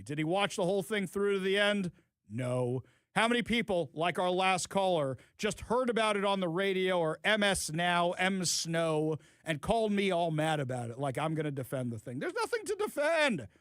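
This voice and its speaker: A man hosting a talk radio show, giving sarcastic, animated opinions to his listeners from a studio. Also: a little high, no echo.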